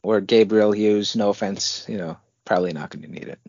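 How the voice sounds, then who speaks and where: Low-voiced man on a dull remote mic. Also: steady tone, brisk, darkish tone, dry recording. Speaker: podcast co-host. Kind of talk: casual sports podcast chat.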